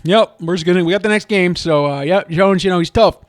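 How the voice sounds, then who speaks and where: A man's voice: high-pitched, brisk, no echo, natural voice. A man mimicking a bland football coach. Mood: glib. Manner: canned upbeat clichés, louder. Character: mock press-conference football coach, bland, evasive.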